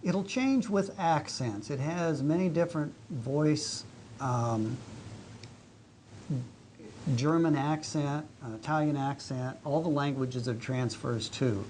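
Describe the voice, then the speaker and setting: A man who is a guest consultant on a local talk show, explaining a product in a halting way with many fillers. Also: fairly high pitch, a little mellow, a little hiss or hum. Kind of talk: casual talk show interview.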